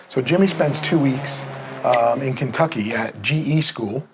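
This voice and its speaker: Husky-voiced male sales trainer. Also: medium pitch, a little slow. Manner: casual storytelling, acts out quoted people. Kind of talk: teaching with a story.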